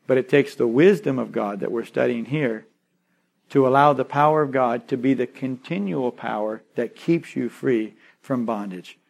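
A man preaching a sermon as pastor, swinging from loud urging to quiet intensity and repeating key phrases. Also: medium pitch, normal speed, gravelly.

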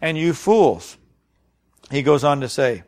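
A man's voice: a little high, animated, slow pace, a little mellow. A man preaching a sermon, reading scripture and putting emphatic questions to his congregation. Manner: reads scripture aloud, then explains it plainly. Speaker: pastor.

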